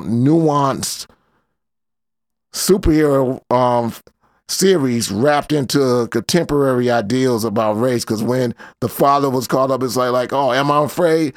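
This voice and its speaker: The host of a casual commentary show chats in a loose, rambling style heavy on slang and filler words. His voice is medium in pitch, captured in studio quality with no room sound.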